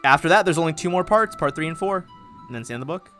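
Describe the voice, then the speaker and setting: A man's voice: a little high, racing. Casual male game master, easygoing, laughs a lot, light music underneath. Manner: laughs often, casual and relaxed. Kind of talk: running a tabletop game.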